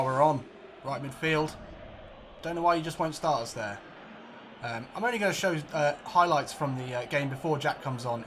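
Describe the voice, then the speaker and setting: A man commentating his own football video game match like a broadcaster, jokey and prone to excited outbursts and swearing. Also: medium pitch, background noise. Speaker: let's play gamer. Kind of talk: mock football commentary over gameplay.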